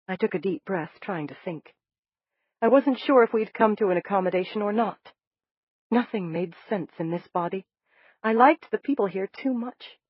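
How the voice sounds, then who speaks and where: An audiobook narrator reading a first-person story in a steady, measured way. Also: medium pitch, no room sound, dull audio.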